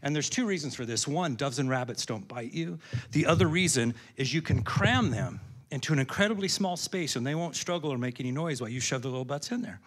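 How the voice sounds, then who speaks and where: A man's voice: mid-range voice, lively intonation, a little fast, husky. A man hosting a live stand-up comedy show and doing magic, chatty and jokey, working the crowd from the stage.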